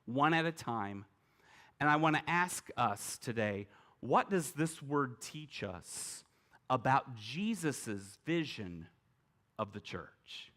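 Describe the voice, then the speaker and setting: The pastor, a middle-aged man, takes his time, his mid-range voice expressive and a little bright. Before a church congregation, he preaches conversationally, mixing rhetorical questions with gentle humorous asides.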